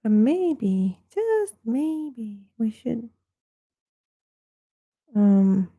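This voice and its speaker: A woman's voice: a little high, very animated, very slow, husky, no echo, narrow, tinny audio. A woman chatting casually on a live stream while she draws, rambling and talking to herself in murmured asides.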